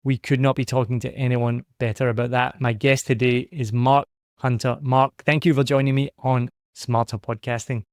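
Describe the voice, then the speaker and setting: A man hosting a podcast with a soft, worn-down Scottish accent and an upbeat, promotional way of talking. His voice sits at an ordinary middle pitch. The sound is close and dry, with no room around it. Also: flat delivery, moderate pace, clear, resonant tone, dry recording. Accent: softened Scottish. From Scotland. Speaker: podcast host. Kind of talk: podcast interview.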